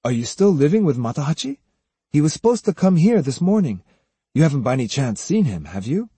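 Earnest young swordsman, quick pressing questions, mellow husky voice, as a narrator plays him. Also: a little high, very animated, no echo, heavily acted.

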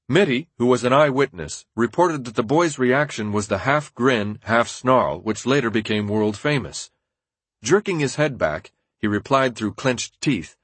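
A male narrator reads a nonfiction audiobook with a steady, measured delivery. His husky voice sits at an ordinary middle pitch. The sound is dry and close, with no trace of room echo.

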